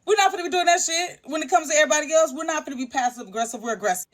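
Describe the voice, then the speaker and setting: A woman's voice: high voice, rapid-fire. A woman from the United States in a casual, profane rant, blunt and defiant. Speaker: speaker in a clip.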